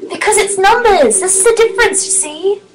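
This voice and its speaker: High-pitched twenty-something girl rambling excitedly on her live stream, giggly, some music faintly in back. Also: brisk, poor audio. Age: 20s. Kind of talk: casual live-stream chat.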